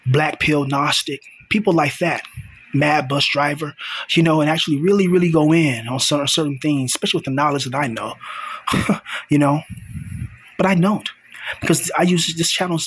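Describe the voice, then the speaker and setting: A man's voice: a little high, a bit bright, slight background noise. A young man hosting his own channel, venting in a raw, confrontational monologue and repeating himself for emphasis. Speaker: channel host.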